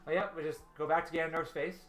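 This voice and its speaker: A man's voice: on the high side, little pitch movement, rapid-fire. A man casually chatting on a live stream while working, rambling and laughing often. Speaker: artist hosting a storyboarding stream. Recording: echoey room with faint music.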